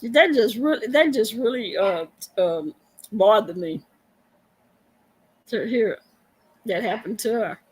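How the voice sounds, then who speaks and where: A Texan woman hosts a casual live stream, answering viewer comments. Her high voice swings widely as she talks, slow and drawn out, and she laughs often and trips over repeated words. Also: lively intonation, breathy edge, rough recording. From Texas. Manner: laughs often, drawls, stammers. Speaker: livestream host. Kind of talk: casual livestream chat reading comments.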